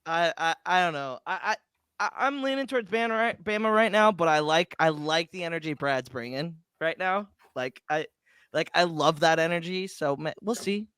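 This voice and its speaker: A man with a high, bright, ringing voice talks sports picks in a loose podcast chat. He is excitable and often restarts his sentences. The sound is close and dry. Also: normal speed, clear, resonant tone, no echo. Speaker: podcast co-host.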